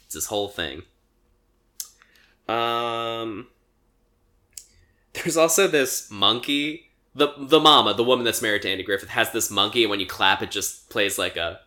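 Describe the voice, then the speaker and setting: Rambling young man with a bright voice. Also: fairly low pitch. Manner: rambling, filler-heavy storytelling with quick acted-out quotes. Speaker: podcast co-host. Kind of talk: casual chat, recapping a movie.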